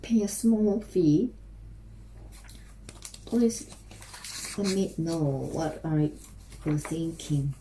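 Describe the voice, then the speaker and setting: A woman with a Korean accent practicing English on her own, haltingly repeating and restarting phrases. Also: deep voice, warm tone, a little hiss or hum, low-quality recording. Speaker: language learner practicing English. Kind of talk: self-recorded English practice.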